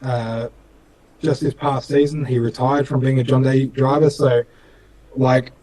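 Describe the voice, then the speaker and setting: A young Australian man talks through his racing memories at an everyday pitch. His delivery is earnest and rambling, with plenty of fillers. It sounds like a relaxed interview chat. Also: unhurried, low-quality recording. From Western Australia. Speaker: racing driver guest. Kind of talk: casual storytelling interview.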